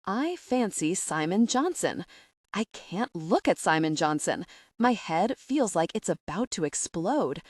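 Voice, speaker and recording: A woman narrating a first-person novel in an expressive storytelling voice. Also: fairly low pitch, dry recording, studio quality, distant mic. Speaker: audiobook narrator.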